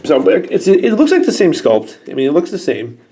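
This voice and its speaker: Thirties male toy reviewer, warm mellow voice, excitable and wry. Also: sits high, moderate pace, vocal fry. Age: 30s. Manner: excitable and sarcastic, talks to the toys.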